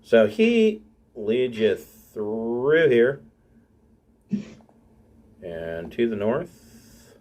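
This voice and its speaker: A man narrating a tabletop game as game master, halting and filling gaps with ums and uhs. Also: medium pitch, very animated, a little mellow.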